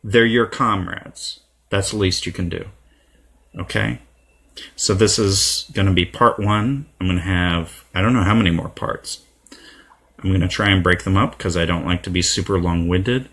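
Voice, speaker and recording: Man with a low, gravelly voice, ranting to camera, angry and profane. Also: steady tone, moderate pace, a bit bright. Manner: irate, profane, with fillers and repetitions. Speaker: video blogger. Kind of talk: impassioned political monologue.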